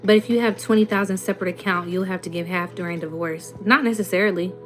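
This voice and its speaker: A woman's voice: on the low side, fast, fairly bright tone, soft background music. Sassy Southern woman in her twenties. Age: 20s. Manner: blunt, sassy, rhetorical questions. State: runny nose. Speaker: host reading and answering comments. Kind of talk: casual livestream chat.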